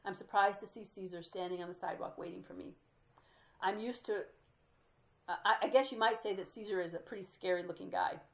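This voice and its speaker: A woman's voice: medium pitch, steady tone, fairly quick, creaky. A woman storyteller reading a memoir aloud, sprinkling in Spanish words.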